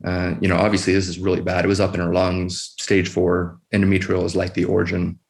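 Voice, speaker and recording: Low, gravelly-voiced middle-aged man. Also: monotone. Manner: quiet, measured retelling with many pauses. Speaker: emergency physician guest. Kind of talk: personal story in a podcast interview.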